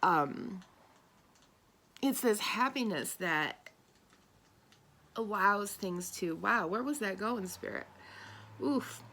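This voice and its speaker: A woman giving a casual, animated spiritual talk as a tarot reader. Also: mid-range voice, slow, long pauses. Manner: animated, chatty, laughs often.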